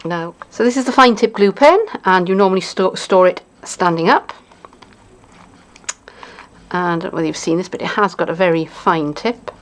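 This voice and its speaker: A woman's voice: fairly low pitch, moderate pace. A woman demonstrating card making in a casual craft tutorial, chatty and thinking aloud with playful asides. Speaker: papercraft demonstrator.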